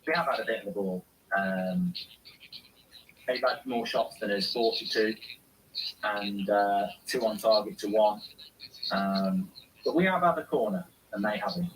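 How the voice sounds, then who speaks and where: A man's voice: on the low side, measured pace, long pauses, far from the mic, slight background noise, poor audio. Man reading chat at a watchalong. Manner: reads viewer comments aloud and answers them. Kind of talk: casual live commentary.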